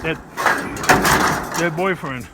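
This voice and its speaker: A man's voice: fairly high pitch, slow. A middle-aged man chatting casually on a scrap metal vlog, meandering and filler-heavy, recorded at a work area. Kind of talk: casual rambling vlog talk. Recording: loud background noise.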